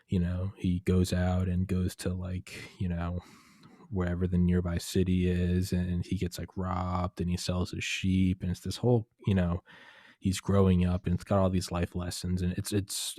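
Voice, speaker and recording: A man's voice: low voice, warm tone, no room sound. A young man telling a long story in casual chat, rambling and candid, full of fillers and profanity.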